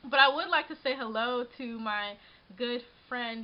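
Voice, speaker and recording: A woman's voice: fairly high pitch, moderate pace. Rambling young woman, lo-fi webcam sound. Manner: rambling, frequent restarts and "like", shaken but laughing. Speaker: vlogger. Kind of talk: casual vlog storytelling. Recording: dull lo-fi webcam audio.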